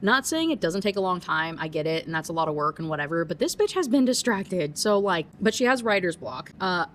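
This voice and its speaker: A woman giving a casual rant review of a book, animated, swearing often and breaking into laughter. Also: lowish voice, fairly quick, a little hiss or hum.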